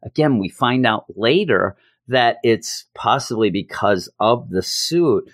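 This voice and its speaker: A man's voice: medium pitch, expressive, measured pace, no echo, clean studio sound. A man giving a casual spoken comic book review, blunt and exasperated, with casual swearing.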